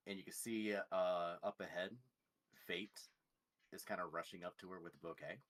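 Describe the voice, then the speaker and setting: A man's voice: sits low, fairly even intonation, normal speed, fairly bright tone. A man playing a tabletop game, narrating his character's actions with some hesitant restarts. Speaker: player. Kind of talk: tabletop role-play narration.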